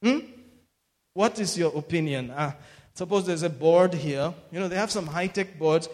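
A man preaching a sermon in an animated way, swinging from loud exclamations to hushed retelling, often laughing between phrases. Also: fairly high pitch, moderate pace. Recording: echoey hall.

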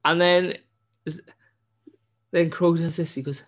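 A man, a podcast host telling a game's story in casual chat, animated and full of swearing and restarts. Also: on the high side, moderate pace, pauses often.

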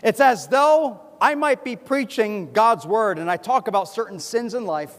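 A man preaching a sermon as pastor, animated and acting out other people's voices. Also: high-pitched, moderate pace. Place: church sanctuary. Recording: long hall reverb from a church.

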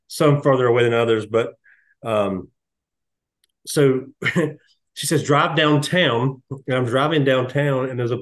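A man, hosting a podcast and telling stories in a relaxed, chatty way, lively when he quotes others. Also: mid-range voice. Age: 50s. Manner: storytelling, animated when quoting others. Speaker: podcast host. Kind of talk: casual chat.

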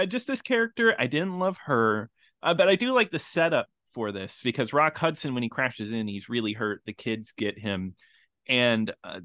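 A man's voice: medium pitch, no room sound, studio quality. A man co-hosting a movie podcast, talking casually and animatedly about a film. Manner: animated, laughs often. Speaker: podcast co-host. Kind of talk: casual movie review chat.

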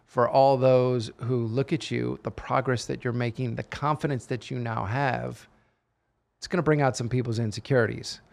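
A man's voice: medium pitch, fairly even intonation, moderate pace, creaky. A man co-hosting a podcast, talking in a casual, emphatic and motivational way. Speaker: podcast co-host. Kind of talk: casual chat.

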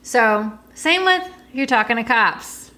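A woman's voice: fairly high pitch, animated, pushed and bright. Chatty Southern woman podcast co-host. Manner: chatty, storytelling, quick asides. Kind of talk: casual chat.

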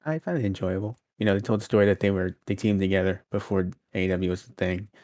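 A man co-hosting a wrestling podcast, quick and sarcastic in casual chat. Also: low voice, a little mellow, no room sound, clean studio sound. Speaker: podcast co-host.

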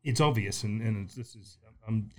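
A man's voice: lowish voice, moderate pace. A male podcast host who asks loose, rambling questions and nods along with short replies. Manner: encouraging, frequent short backchannels, rambling questions. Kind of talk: casual interview.

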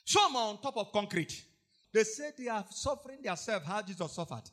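A man preaching an impassioned sermon, repeating phrases, shouting and breaking into song. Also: sits high, lively intonation, fairly quick. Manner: impassioned, repetitive, bursts into shouting and snatches of song.

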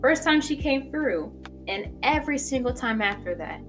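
A woman's voice: high-pitched, expressive, normal speed, music in the background. A woman chatting casually as a podcast host, telling work stories and laughing often. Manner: chatty, laughs often, lots of "like" and "you know". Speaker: podcast host and coffee shop worker. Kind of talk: casual storytelling chat.

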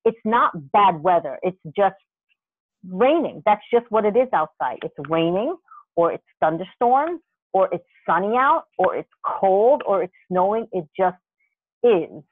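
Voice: medium pitch, a little slow, no room sound. Rambling podcaster on a tinny phone line. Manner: rambling, animated storytelling with many restarts and occasional swearing. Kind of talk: casual podcast chat.

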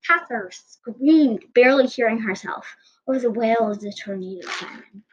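A woman's voice: fairly high pitch, normal speed, slightly rough. Woman reading a storybook aloud. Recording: dull lo-fi recording.

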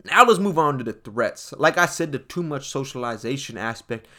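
A man's voice: mid-range voice, expressive, normal speed, sharp tone. Joking young man with street slang. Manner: slangy, joking, addresses listeners as folks. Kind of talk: casual comedic monologue.

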